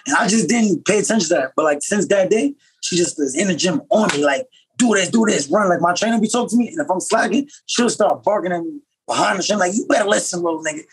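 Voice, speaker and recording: A man from upstate New York talks quickly and loosely, full of slang, as he tells his story on a podcast. His voice is high for a man and has a husky grain to it. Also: rough recording. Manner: fast, slangy, animated storytelling. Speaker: podcast guest, professional boxer. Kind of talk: casual storytelling.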